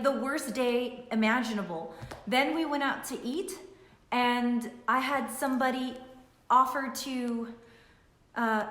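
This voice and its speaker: A middle-aged woman, a nutritionist, telling an emotional personal story to camera in an animated way, repeating phrases for emphasis. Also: fairly high pitch. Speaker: nutritionist and weight-loss coach. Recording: echoey room.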